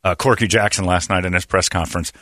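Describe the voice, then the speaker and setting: A man's voice: low voice, steady tone, fast talker, bright, forceful tone, no room sound. A man hosting a sports talk radio show, rambling and sarcastic as he tells stories on a studio mic. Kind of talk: casual sports radio banter.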